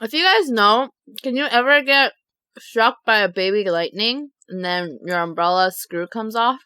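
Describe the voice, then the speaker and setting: A young woman talks straight to her viewers, spinning a story in a chatty, animated way and dropping "like" every few words. Her voice is bright and clear, pitched a little high, and it sits dry and close to the mic. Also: moderate pace, no echo. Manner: chatty, animated, many "like" fillers. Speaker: mukbang vlogger.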